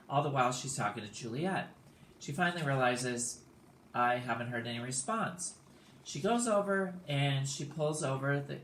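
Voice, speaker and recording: A man's voice: mid-range voice, a bit bright, a little hiss or hum. Laid-back male teacher recapping a play; echoey room. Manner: casual, explanatory, with fillers.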